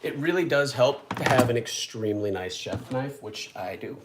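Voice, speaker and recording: A man's voice: medium pitch, lively intonation, moderate pace. Rambling young man cooking in an echoey kitchen. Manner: rambling, self-deprecating, chatty. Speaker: home cook vlogger. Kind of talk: casual cooking vlog. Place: home kitchen. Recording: echoey kitchen with loud background noise.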